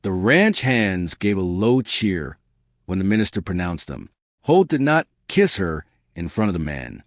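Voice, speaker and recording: A man narrating a scripted western story in a measured, unhurried way. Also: low-pitched, big pitch swings, no room sound, studio quality.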